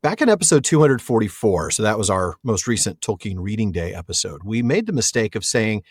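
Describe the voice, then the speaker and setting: A man hosting a casual podcast in an animated way, quick to laugh along with his co-host. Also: fairly low pitch, slightly rough, no echo, clean studio sound.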